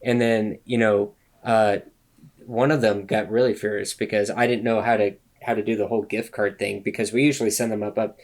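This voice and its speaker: A man co-hosting a podcast, chatting casually in a halting, hesitant way. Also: on the low side, flat delivery. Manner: halting, hesitant, many fillers and restarts. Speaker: podcast co-host. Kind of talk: casual chat.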